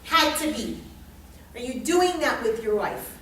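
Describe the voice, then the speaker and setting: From a distance in a reverberant room, a woman with a fairly high voice and measured pace teaches an astrology workshop to an audience. She tells animated stories, voicing the people in them, over a slight hiss or hum.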